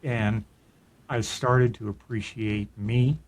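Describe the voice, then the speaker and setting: A man's voice: lowish voice, steady tone, slow pace. A middle-aged man, co-host of a podcast, telling a personal story in a casual, earnest, reflective way, often restarting his sentences. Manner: earnest, reflective, with frequent restarts and soft laughs.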